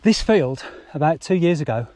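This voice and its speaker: Bloke on a fat bike, chatty and sweary, bit high voice, wind and traffic noise on the cam mic. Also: male voice, lively intonation, moderate pace, dark tone. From England. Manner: chatty and rambling, swears freely, fired up. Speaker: mountain biker vlogger. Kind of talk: casual spoken commentary while riding. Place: outdoors on country trails.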